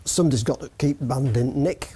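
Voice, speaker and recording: A man's voice: mid-range voice, a little fast, a crowd in the background. A man, a dialect teacher, explaining old expressions fondly. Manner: explanatory, fond.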